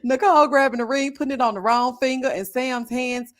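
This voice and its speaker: A woman hosting a casual live stream, talking about a dating show in a sassy, animated way with frequent laughing asides. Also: high voice, brisk. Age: adult with a child. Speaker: YouTube host reviewing a reality dating show.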